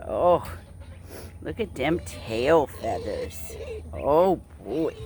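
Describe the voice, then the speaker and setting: A woman on her small farm, filming on her phone as she coos and dotes over her turkeys, slipping into soft laughs and whispers. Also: extremely low pitch, very animated, very slow. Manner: cooing and doting, breaking into soft laughs and whispers. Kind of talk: casual talk to her animals on camera. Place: outdoors on a farm among poultry.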